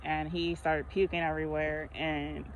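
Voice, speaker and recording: A woman's voice: low voice, little pitch movement, moderate pace, a little hiss or hum, rough recording. A woman vlogger chatting casually while walking outdoors, rambling through her stories and laughing often. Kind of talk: casual chat.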